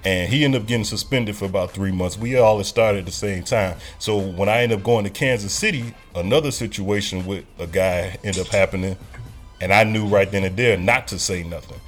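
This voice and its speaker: A man's voice: fairly low pitch, a little fast, fairly bright tone, soft background music. A man hosting a casual podcast, telling a loose, profane story. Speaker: podcast host.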